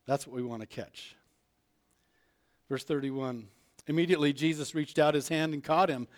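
A man's voice: fairly high pitch, fairly even intonation, moderate pace. A man preaching a sermon, retelling a Bible story in a casual way, acting out the characters' lines and chuckling as he goes. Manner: retells scripture conversationally, acts out voices, chuckles.

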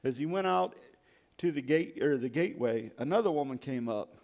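A man's voice: medium pitch, expressive, normal speed, a little mellow. A man preaching a sermon and reading scripture aloud, reflecting on the passages.

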